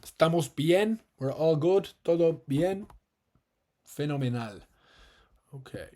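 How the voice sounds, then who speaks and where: A man with an Irish accent teaching a live online exam-prep lesson, explaining patiently and repeating words slowly and clearly. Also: fairly high pitch, expressive, mellow.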